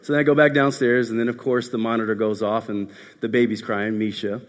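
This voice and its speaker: A man preaching a sermon as a pastor, telling a story and swinging from loud passages to hushed ones. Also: on the low side, flat delivery, a little fast. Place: church hall. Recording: echoey hall.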